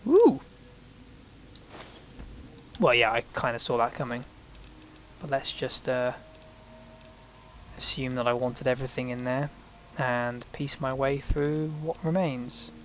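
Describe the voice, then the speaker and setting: A man's voice: medium pitch, level tone, measured pace, a bit bright, a little hiss or hum. Rambling man narrating his gameplay. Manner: rambling, self-mocking asides. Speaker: gaming channel host. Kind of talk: casual let's-play commentary.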